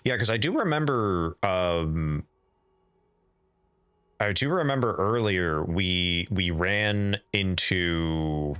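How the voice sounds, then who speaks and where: A man's voice: sits low, animated, slow, a bit bright, clean tone, no room sound. A man streaming a game live, reading in-game documents aloud and chatting with his viewers in a rambling, casual way. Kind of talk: casual live-stream chat while playing.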